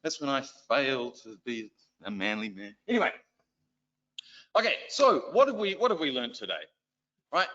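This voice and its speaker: Bright, animated New Zealand preacher. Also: male voice, medium pitch, moderate pace, pauses often. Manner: animated, self-deprecating storytelling. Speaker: lay preacher and schoolteacher. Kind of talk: church exhortation. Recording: dull lo-fi recording.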